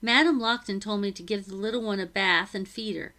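A woman reading aloud, voicing a bossy, chattering middle-aged housekeeper who scolds in brisk, rough speech. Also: medium pitch, sharp tone, lightly acted.

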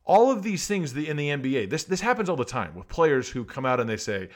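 A man's voice: medium pitch, sing-song, fast talker, hardly any pauses. A man talking sports on his own, firing off sarcastic rhetorical questions as he argues his point. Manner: rants and argues. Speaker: sports commentator. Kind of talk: casual sports talk monologue.

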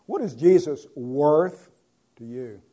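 A man, a pastor, preaching a conversational sermon and moving between loud proclamation and quiet asides. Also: a little high, lively intonation, takes it slowly, breathy edge.

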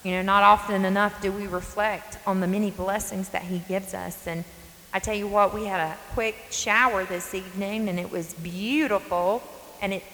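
A woman's voice: mid-range voice, steady tone, moderate pace, fairly bright tone. A woman in her forties from North Carolina with a Southern accent, hosting a faith podcast in an earnest, folksy, emphatic way from her front porch. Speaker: podcast host. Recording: long reverb, faint hiss.

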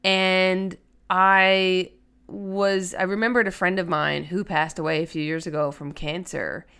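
A woman's voice: fairly low pitch, flat delivery, unhurried, a bit bright, clear, resonant tone. Chatty, earnest woman podcaster. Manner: chatty, filler-heavy, earnest. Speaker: podcast host. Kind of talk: casual solo podcast talk.

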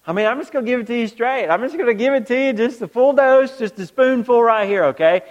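A man with a high voice preaches to his congregation, pausing to fire rhetorical questions back at them. His words ring out with a long reverb that fills the large church hall. He talks like a pastor working the crowd. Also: lo-fi sound. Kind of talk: sermon.

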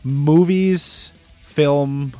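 A man's voice: fairly high pitch, drawn-out words, dark tone, soft background music. Chatty easygoing male podcast co-host. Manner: easygoing, chatty, laughs often. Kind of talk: casual chat.

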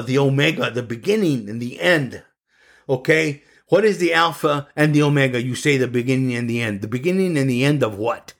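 A middle-aged male preacher with a gravelly voice that sits a little high. He delivers an earnest, emphatic sermon and keeps pressing his listeners with rhetorical questions. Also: a bit bright.

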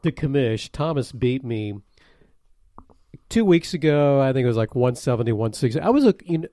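A man's voice: normal speed, no room sound, studio quality. A man co-hosting a casual fantasy sports podcast, rambling and getting worked up in bursts. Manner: ranting, excitable, high-pitched outbursts. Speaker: podcast co-host.

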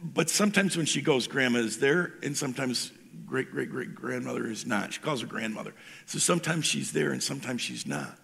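Gravelly, husky-voiced pastor. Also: male voice, mid-range voice, expressive, fairly quick, a bit bright. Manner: storytelling, informal, repeats words when starting. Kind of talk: sermon.

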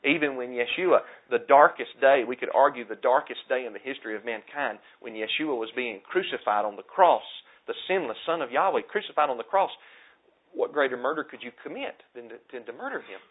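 A male preacher delivering a sermon, surging to loud emphatic stresses and dropping low again, acting out quotes in character. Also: lively intonation, a little fast. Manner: acts out quoted speech in character. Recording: tinny phone-like narrow sound.

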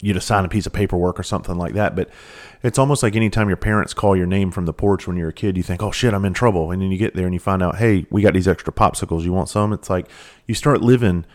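Casting: man in his thirties, deep voice, ex-cop storyteller, profane and laid-back. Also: fast. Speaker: former police officer and firefighter. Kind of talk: casual storytelling.

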